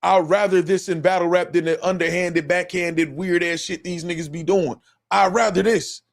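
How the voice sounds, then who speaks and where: Talking at a normal speed, a man with a high, gravelly voice hosts a live stream and reacts to clips. His commentary is loose and profane, lively and repetitive, and he regularly talks over what's playing.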